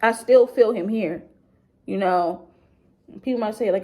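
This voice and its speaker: A woman's voice: mid-range voice, moderate pace, mellow. Young woman rambling through grief. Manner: rambling, heavy use of "like", blunt and profane. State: grieving, subdued. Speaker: YouTuber. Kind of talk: emotional storytime vlog.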